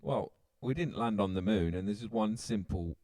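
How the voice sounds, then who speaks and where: A man's voice: lowish voice, animated, moderate pace, a little mellow, no room sound. A British man co-hosting a podcast, rambling through a theory with hesitations and laughs. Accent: British English. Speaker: podcast co-host. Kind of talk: casual chat.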